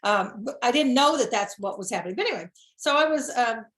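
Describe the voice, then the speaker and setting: A woman's voice: a little high, lively intonation, quick pace, fairly bright tone. Chatty middle-aged woman in an echoey room. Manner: chatty, laughing, self-deprecating storyteller. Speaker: guest speaker. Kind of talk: casual storytelling interview.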